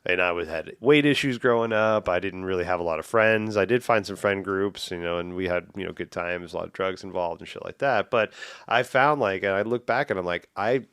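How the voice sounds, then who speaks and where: A man in his forties hosts a laid-back podcast. He talks in a profane, animated way in a lowish voice. The sound is dry and close, with no room echo. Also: brisk, smooth. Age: 40s. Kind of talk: casual conversational podcast.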